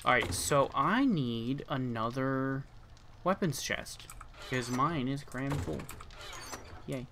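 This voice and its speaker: A young male gaming streamer casually comments on his gameplay for viewers, yawning and saying he feels tired. His medium-pitched voice is expressive and slow, with background noise of keyboard clicks and typing.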